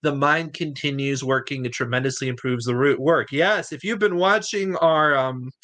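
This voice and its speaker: A man's voice: medium pitch, normal speed, bright, forceful tone. A man hosting a livestream chat, enthusiastic and rambling, who laughs often. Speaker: host.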